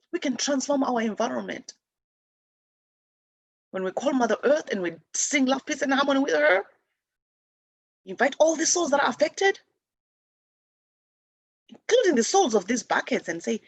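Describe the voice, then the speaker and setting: A Zimbabwean woman hosts a spiritual talk show in a high-pitched voice with no echo. She speaks earnestly but rambles, restarting often.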